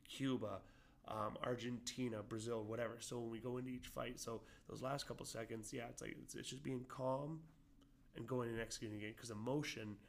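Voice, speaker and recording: A man's voice: mid-range voice, fairly even intonation, a little fast, creaky, a little hiss or hum. A man, an amateur boxer giving casual interview answers, full of fillers and restarts. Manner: rambling, many fillers and restarts.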